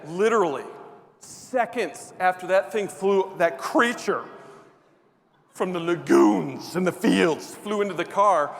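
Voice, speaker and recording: A man's voice: high-pitched, a little hiss or hum. A male motivational speaker telling a self-deprecating comic story in a live keynote on stage before an audience. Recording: reverberant hall, faint ambience.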